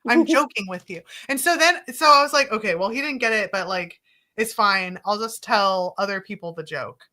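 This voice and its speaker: A woman co-hosting a casual podcast chat, telling funny stories with lively, joking energy and acting out both sides of conversations. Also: medium pitch, normal speed. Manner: animated, joking, acts out dialogue with rising exclamations. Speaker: co-host, therapist.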